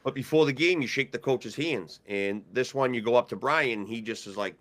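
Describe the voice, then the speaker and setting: A man's voice: mid-range voice, fairly quick. A man co-hosting a casual podcast, a referee supervisor telling stories and acting out the people in them. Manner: storytelling, animated when quoting others.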